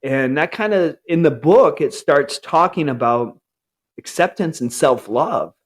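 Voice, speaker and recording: A man in his forties shares a candid personal story in an earnest, open way. His slightly high voice rises and falls in a lively way, and it jumps up higher when he acts out his upbeat self-talk. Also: measured pace.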